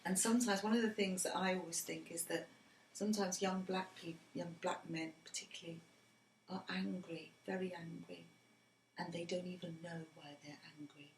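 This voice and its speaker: A woman's voice: lowish voice, steady tone, normal speed. A middle-aged woman, earnestly recounting personal stories to her grown son and often dropping to a near whisper. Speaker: interviewee, mother of the interviewer. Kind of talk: personal storytelling in conversation. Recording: roomy with faint background noise.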